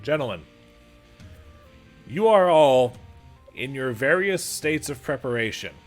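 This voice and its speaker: A man running a tabletop game as game master, narrating the scene with halting restarts. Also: mid-range voice, expressive, soft background music. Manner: halting, restarts mid-sentence while narrating.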